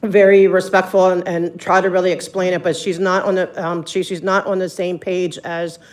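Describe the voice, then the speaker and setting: A person making a public comment at a meeting. The delivery rambles and hesitates, with frequent ums, in a flat, even tone. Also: medium pitch, moderate pace.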